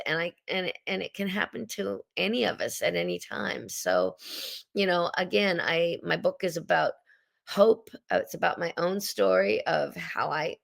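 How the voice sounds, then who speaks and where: امرأة بصوت خشن أجش في مقابلة. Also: female voice, lowish voice, gravelly. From Canada. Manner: warm, expressive storyteller. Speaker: interview guest, actress. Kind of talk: casual interview storytelling.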